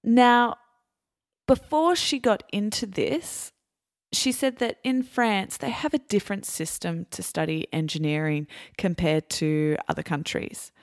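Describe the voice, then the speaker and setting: An Australian woman hosting a podcast, explaining clearly and deliberately before interviewing a guest. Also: medium pitch, dry recording, studio quality. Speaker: podcast host.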